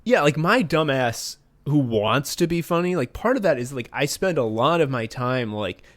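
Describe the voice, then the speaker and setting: A man's voice: mid-range voice, animated, moderate pace, dry recording. Mock-earnest male podcast co-host. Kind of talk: casual comedy podcast chat.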